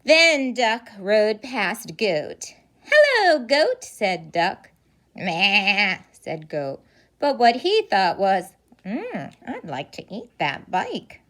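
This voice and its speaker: A preschool teacher reading a picture book aloud to young children, pausing for gasps and questions along the way. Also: female voice, mid-range voice. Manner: animated storytelling with gasps and questions.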